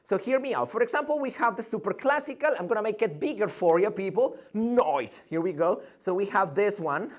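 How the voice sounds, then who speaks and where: Animated man teaching English pronunciation. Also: high-pitched, brisk, hardly any pauses. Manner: animated, theatrical, drills sounds with repetition. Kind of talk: energetic online pronunciation lesson.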